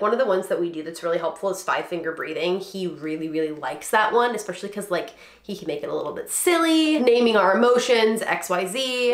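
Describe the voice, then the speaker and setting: A woman in her thirties chatting casually to camera about parenting, with lots of "like" fillers and acted-out quotes. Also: mid-range voice. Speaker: parenting vlogger. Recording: roomy echo.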